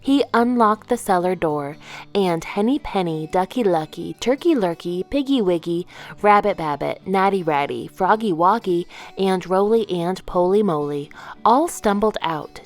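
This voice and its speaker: A woman reading a children's picture book aloud, gentle and expressive. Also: mid-range voice, unhurried, faint music behind. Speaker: children's storyteller. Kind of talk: read-aloud storytime narration.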